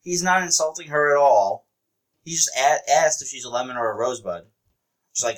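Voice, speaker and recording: A man's voice: mid-range voice, a little fast. A man co-hosting a casual wrestling podcast, animatedly retelling what happened on the show. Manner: animated retelling with laughter and quoted voices. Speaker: podcast co-host.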